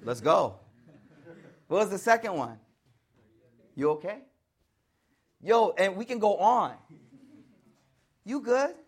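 An African American man from the United States giving a lively, conversational religious lecture, acting out voices to show tone. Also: high-pitched, takes it slowly, pauses often, slightly rough. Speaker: Islamic teacher.

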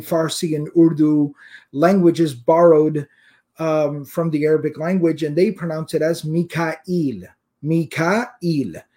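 A man teaching a religious lesson in a slightly raised voice. He explains patiently, repeating key terms slowly for emphasis. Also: fairly high pitch, warm tone. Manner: recites Quranic verses in Arabic. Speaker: Islamic teacher. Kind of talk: religious lecture.

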